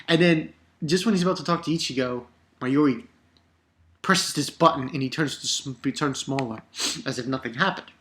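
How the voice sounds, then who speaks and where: Excitable swearing male comic reviewer. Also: mid-range voice, moderate pace. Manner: excitable, rambling, swears often. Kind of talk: casual comic review vlog.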